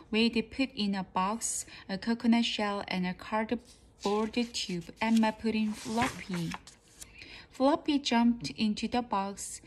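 A woman reading a children's storybook aloud carefully, as reading practice. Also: medium pitch. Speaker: reader.

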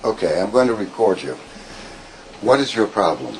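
A man's voice: on the low side, sing-song, moderate pace, noisy background. An older man working as a voice therapist, coaching a patient in a clinic room and demonstrating sounds as he explains.

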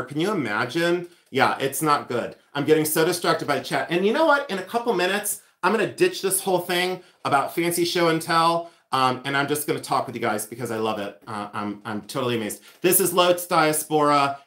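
A man's voice: on the high side, expressive, moderate pace, few pauses, a bit bright. A middle-aged man hosting a casual livestream about antiques, chatty and easily distracted, thanking viewers by name as he talks. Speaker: antique dealer and livestream host. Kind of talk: casual livestream chat reading the chat. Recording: echoey room.

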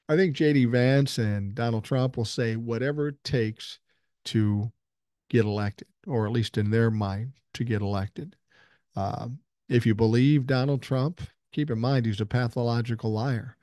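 A man's voice: mid-range voice, normal speed, mellow, no room sound, studio quality. An older man hosting a solo podcast, telling stories and answering listener mail bluntly, with frequent swearing. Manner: profane, blunt storytelling. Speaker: podcast host. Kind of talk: casual solo podcast talk.

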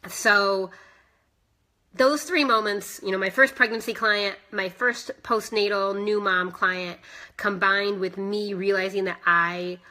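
An American woman in her thirties, a fitness instructor, chats emotionally during a live personal vlog and greets viewers by name. Her voice is medium in pitch with a sharp tone.

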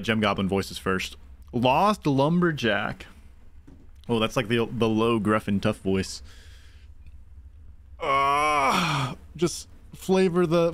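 A man's voice: medium pitch, a bit bright. Easygoing man chatting over a game. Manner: chatty, thinking aloud, talking to chat. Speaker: game streamer. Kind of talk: casual commentary over gameplay.

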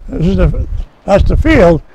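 A male pastor at a rescue mission chapel preaches an informal Bible lesson, conversational and folksy, with frequent restarts and repeated "okay?" checks with his listeners. He speaks unhurriedly in a high, husky, mellow voice that swings widely in pitch, on a rough recording.

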